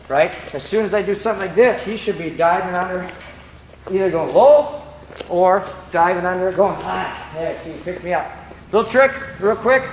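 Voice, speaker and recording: A man coaching grappling technique on the mat, telling stories as he demonstrates moves. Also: high-pitched. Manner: animated, storytelling, demonstrates moves. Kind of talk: mat-side technique instruction. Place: training gym. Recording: echoey gym, background noise.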